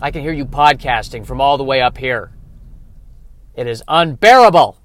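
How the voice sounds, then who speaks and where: A man voicing an irritable bird perched up high, scolding in an exasperated way in a comedic bit. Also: normal speed, natural voice.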